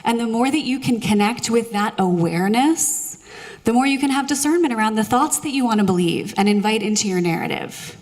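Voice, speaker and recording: A woman leading a live audience in guided meditation, joking with them before moving into slow, soothing instructions. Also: fairly high pitch, expressive, a little mellow. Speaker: meditation teacher. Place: live show venue with audience. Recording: long hall reverb.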